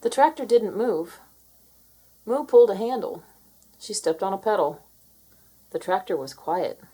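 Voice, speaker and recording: A woman narrating a children's storybook read-aloud in an expressive, slow and clear manner. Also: medium pitch. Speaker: storybook reader.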